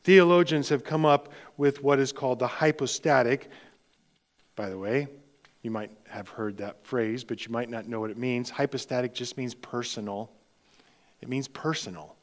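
A man preaching a sermon with slow, emphatic delivery, dropping into hushed tones for emphasis. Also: medium pitch. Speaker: pastor.

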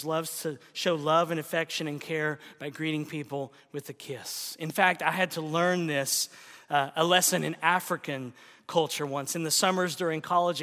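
High, bright-voiced pastor preaching in a hall. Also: male voice. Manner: animated storytelling with rhetorical questions. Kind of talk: sermon. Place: church sanctuary.

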